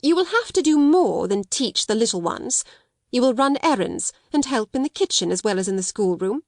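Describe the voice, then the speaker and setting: A woman narrator voicing a harsh, domineering middle-aged schoolmistress with a sharp, cold, scolding manner. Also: on the high side, sing-song, normal speed, dry recording, studio quality, pitched above the performer's own voice.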